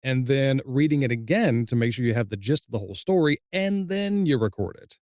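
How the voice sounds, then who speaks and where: A man's voice: mid-range voice, lively intonation, brisk, darkish tone, dry recording, clean studio sound. A man hosting a podcast interview. He gives short affirming replies and asks considered questions. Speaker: podcast host and audiobook narrator. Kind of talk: conversational interview.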